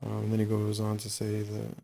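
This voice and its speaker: A man reading book excerpts aloud and adding his own comments, unhurried and full of pauses and fillers. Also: lowish voice, monotone, gravelly, mellow. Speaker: reader and commentator.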